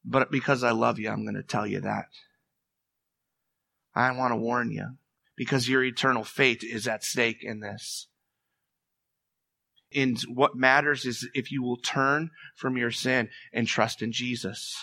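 A man's voice: mid-range voice, fairly even intonation, unhurried, vocal fry, pauses often, sharp tone, no room sound. A man preaching a sermon as pastor, earnest and emphatic, pressing his point with rising intensity.

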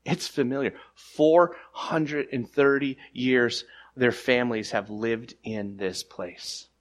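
A man preaching a sermon as pastor, with animated delivery, repeated restarts and swings between loud emphatic lines and quiet ones. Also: medium pitch, slow pace.

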